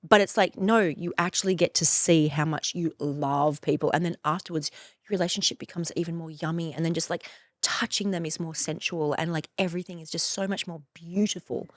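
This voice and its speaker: A woman in her forties hosting a podcast, talking in a loose, effusive monologue, swearing freely and leaping up in pitch for playful emphasis. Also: steady tone, fairly quick, no echo, studio quality. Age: 40s. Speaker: podcast host. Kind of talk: casual monologue.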